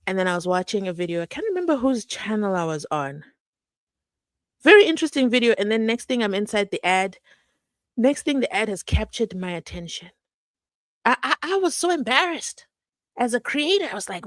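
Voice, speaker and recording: A woman's voice: fairly high pitch, fairly quick, no echo. Chatty South African woman live-streaming. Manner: animated, chatty, acts out quoted voices. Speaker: host. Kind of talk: casual live-stream commentary.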